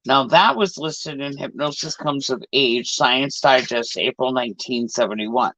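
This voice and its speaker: A man hosting a podcast, reading a book aloud in a deliberate way and slowing down on hard words. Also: mid-range voice, a bit bright, no room sound. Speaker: podcast host. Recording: dull lo-fi dry recording.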